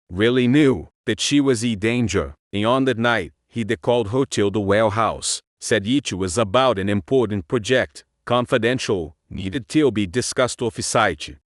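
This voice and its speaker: A man giving a slow, brooding first-person narration of a dark story. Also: fairly low pitch, no echo, clean studio sound.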